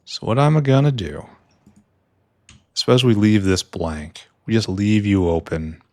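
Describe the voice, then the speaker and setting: A man with a low, deep voice talks slowly through a game he is playing, rambling and thinking aloud. He makes wry little asides and often drops into quiet mutters to himself. The sound is dry and close to the mic. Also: no room sound. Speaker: gameplay streamer. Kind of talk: casual let's-play commentary.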